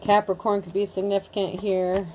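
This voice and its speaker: A woman's voice: mid-range voice, level tone, moderate pace, noisy background. A woman in her thirties giving a casual tarot reading in a blunt, chatty way, swearing freely. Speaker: tarot reader.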